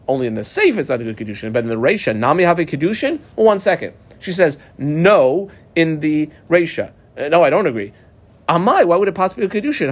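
Male Talmud teacher, reading, lively and somewhat high-pitched, reads then translates. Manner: reads Aramaic text then translates, animated, marks up the text aloud. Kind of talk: daf yomi Gemara class.

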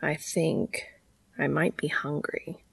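A woman reading aloud, voicing a weakened male angel who speaks slowly and softly. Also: sing-song, gravelly, breathy edge, no echo, exaggerated voice. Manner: slow, low, soft-spoken. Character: weakened male angel, calm and deep-voiced.

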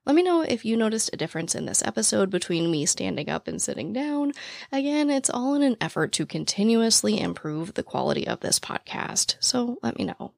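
A woman podcast host with a naturally raspy, gravelly voice, talking very fast and excitedly in casual chat, out of breath while standing at the mic. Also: mid-range voice, no echo. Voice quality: naturally raspy voice with vocal fry. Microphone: studio microphone, standing while recording.

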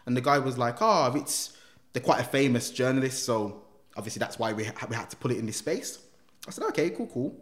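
Guy on a podcast, lots of slang, telling his story all animated. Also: medium pitch, a little fast. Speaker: podcast guest. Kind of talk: casual storytelling.

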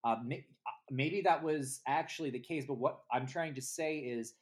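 A podcast co-host in casual movie review chat, animated and acting out scenes from the film. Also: medium pitch, normal speed. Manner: animated, acts out scenes in quoted voices.

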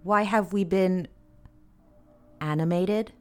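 A frightened older man, newly risen as an ash corpse, asks soft, shaken questions, read by a woman narrator. Low and quiet, an audiobook voice. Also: slow, clear, resonant tone, soft background music.

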